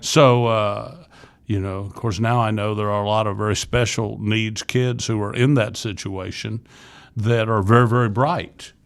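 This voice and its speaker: This voice sits on the low side, steady and at normal speed, with vocal fry. It's a Floridian man in his sixties, a youth ministry leader guesting on a podcast, telling his life story in an earnest, candid, casual way with many restarts.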